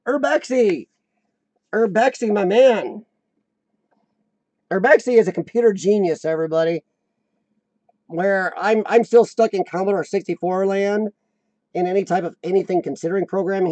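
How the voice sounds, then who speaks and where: A man hosting a casual live chat, rambling and answering viewers, his voice a little rough from lung trouble. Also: high voice, normal speed, pauses often, darkish tone, no room sound. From United States. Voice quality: slightly rough voice from lung problems. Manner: rambling, chatty, laughs often, answers viewers by name. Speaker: livestream host.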